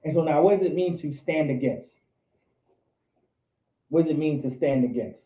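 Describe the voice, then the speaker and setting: A man's voice: on the high side, normal speed. A man teaching a Bible class, quizzing his students and repeating key points for emphasis. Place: indoor meeting room with a class. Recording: tinny, echoey lo-fi room recording.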